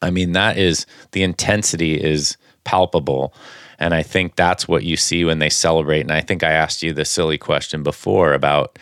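A man with a very low, smooth voice co-hosts a sports podcast. He talks casually and rambles, circling back with fillers and restarts. The sound is dry and close. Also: steady tone, normal speed, fairly bright tone, no room sound.

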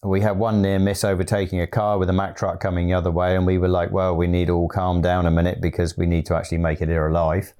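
A man recounting his part of a story in a plain, measured way, with frequent fillers. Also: deep voice, completely flat delivery, mellow, smooth. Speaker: guest co-storyteller. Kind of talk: personal storytelling.

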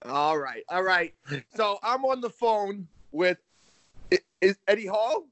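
A man's voice: high voice, lively intonation, slow, fairly bright tone, no echo. An American man on a phone call, wisecracking and swearing freely in casual chat. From United States. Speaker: phone guest. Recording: dull phone-call audio.

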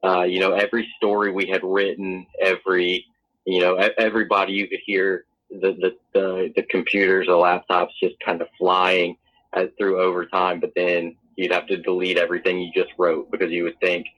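A sports reporter, a man, talking casually and haltingly, repeating words. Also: low voice, completely flat delivery, a bit bright, highs cut off. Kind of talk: casual podcast chat.

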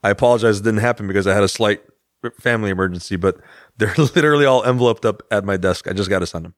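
A man's voice: on the low side, rapid-fire, no room sound, studio quality. A man from the Midwest with a Midwestern accent, co-hosting a podcast in loose, joking banter, tired and a little delirious. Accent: Midwestern American. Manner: laughs often, joking and loose. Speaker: podcast co-host. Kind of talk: casual banter. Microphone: studio podcast mic.

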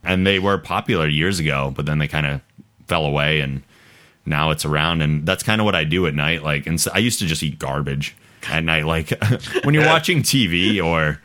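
A man's voice: a bass voice, animated, normal speed, sharp tone. A man hosting a podcast, chatting casually and rambling a bit, laughing often. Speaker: podcast host. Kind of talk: casual chat.

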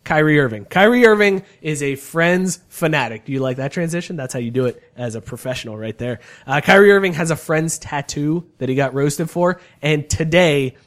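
A man's voice: a little high, animated. A man co-hosting a casual podcast, bantering and joking, also doing the sponsor reads. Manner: talkative, joking, fast-shifting banter. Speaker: podcast co-host.

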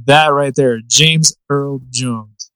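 A man's voice: mid-range voice, fairly even intonation, takes it slowly, a bit bright, no echo, poor audio. Laid-back man, casual podcast chat. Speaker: podcast co-host.

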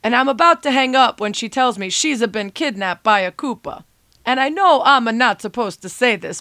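A woman playing a washed-up forty-year-old plumber hero, hokey italian-style accent, exclamatory and loud. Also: on the high side, dry recording, clean studio sound, voice pushed up. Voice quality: put-on comic Italian-style accent with added "a" sounds. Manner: bouncy, exclamatory comic read. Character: middle-aged male plumber hero, weary and griping.

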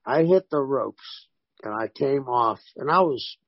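A man, a former pro wrestler, telling animated stories in a casual interview and voicing the people in them. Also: medium pitch, a little slow, dry recording, dull audio. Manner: animated anecdotes with voiced quotes.

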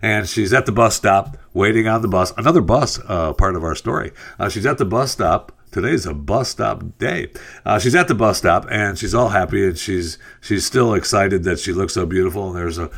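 Deep male talk-radio host, loose and rambling. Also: normal speed, creaky. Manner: relaxed, rambling, frequent fillers. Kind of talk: casual talk, telling a joke.

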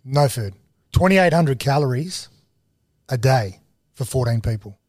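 Man telling a lively story. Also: medium pitch, unhurried, no echo, studio quality. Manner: animated, slangy, swings into excited quoting. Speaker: guest. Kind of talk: casual storytelling.

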